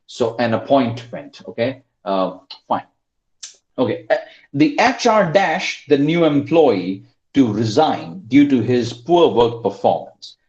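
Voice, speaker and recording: A man teaching an online class, quizzing his students by name in a lively way. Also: medium pitch, slow pace. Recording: roomy, dull lo-fi online call audio.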